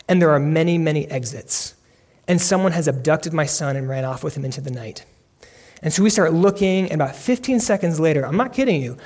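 A pastor, a man, preaching a sermon and telling stories with earnest conviction, his voice climbing into shouts when he acts out a scene. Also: a little high.

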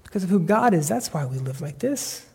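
A pastor preaches in a relaxed, conversational manner and circles back on phrases before landing them. The voice sits at a middling pitch. A long hall reverb trails every sentence, the sound of a large sanctuary. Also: fairly quick, gravelly, breathy edge. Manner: earnest, conversational preaching with frequent restarts. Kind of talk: sermon.

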